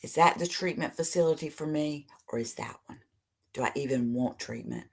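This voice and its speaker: A woman with a low voice gives an earnest motivational talk about recovery. She reads short passages aloud, then preaches on them, sometimes pushing hard and sometimes dropping to near-whispers. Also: moderate pace, husky. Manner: earnest, preachy, animated with sudden soft drops. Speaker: recovery speaker.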